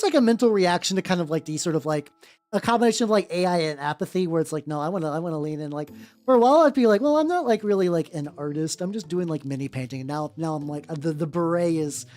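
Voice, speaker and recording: A man with a naturally high voice chatting casually on a livestream while painting miniatures, rambling and swearing freely. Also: a little mellow. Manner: rambling, many fillers and restarts, swears freely.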